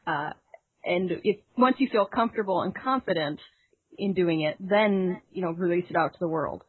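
A woman co-hosting a podcast in casual chat, speaking in a measured, hesitant way. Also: on the low side, husky, no room sound. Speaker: podcast co-host. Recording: dry tinny call line.

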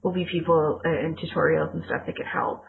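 A woman's voice: low-pitched, fairly quick, gravelly. Chatty woman on a tinny line. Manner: chatty, rambling with many "like" fillers. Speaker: podcast co-host. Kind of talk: casual chat.

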